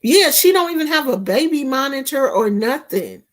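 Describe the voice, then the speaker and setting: Animated woman vlogging. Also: high-pitched, normal speed. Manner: animated, talks straight to viewers with dialect and asides. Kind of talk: casual chat to viewers.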